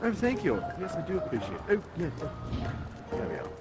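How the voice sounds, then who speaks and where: A man's voice: fairly high pitch, wildly swooping pitch, a little fast, over music. An actor playing a genteel, chatty male professor who guides visitors in a live virtual-reality performance, courtly and polite and chuckling often. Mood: genial. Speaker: live actor guiding players.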